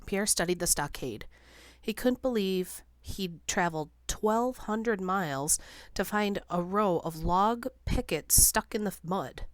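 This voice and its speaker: A woman reading a novel aloud as an audiobook narrator, in a steady, measured way. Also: medium pitch, no room sound, studio quality. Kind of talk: scripted narration.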